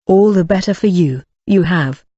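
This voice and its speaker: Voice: medium pitch, moderate pace, dark tone, breathy edge, dry recording, highs cut off, natural voice. An audiobook reader voicing a brutal, surly male housebreaker who growls his words. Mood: gruff. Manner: growling, savage.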